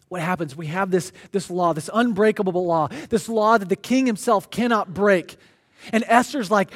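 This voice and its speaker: Animated high-voiced man preaching. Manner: animated storyteller who acts out the characters; reads scripture aloud in a slower, quieter voice. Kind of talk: sermon retelling a scripture story.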